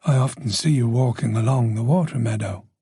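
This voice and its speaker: A man's voice: mid-range voice, fairly quick, mellow, breathy edge, no room sound, clean studio sound. A man voicing a chatty, nosy older village woman with a faint Dublin Irish accent. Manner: gossipy, nosy, playful.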